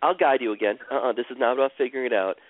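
A man's voice: mid-range voice, rapid-fire, no room sound. Man, guided healing session, soothing, repetitive chanting phrases, tinny phone-line sound. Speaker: host guiding a caller through emotional healing.

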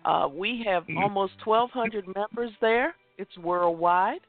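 A woman hosting a motivational talk show, speaking emphatically and repeating affirmations slowly. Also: mid-range voice, no echo. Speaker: host. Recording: tinny phone line.

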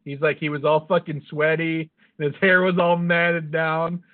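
A man's voice: on the high side, flat delivery, moderate pace. Profane rambling storyteller man, tinny sound. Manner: rambling, swears constantly, laughs at own jokes. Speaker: podcast co-host. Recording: phone-like lo-fi audio.

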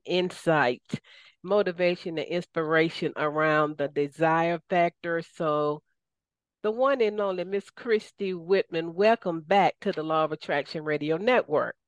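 A woman's voice: fairly low pitch, clear, resonant tone, no room sound. A woman with a Southern US accent hosting a radio show, enthusiastic and folksy, calling her listeners y'all. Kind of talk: casual radio talk.

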